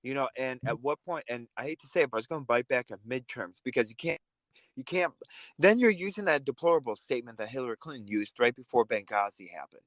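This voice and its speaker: A man's voice: medium pitch, expressive, fast, a bit bright, no echo. A man speaking as a podcast guest in heated political talk, angry and emphatic.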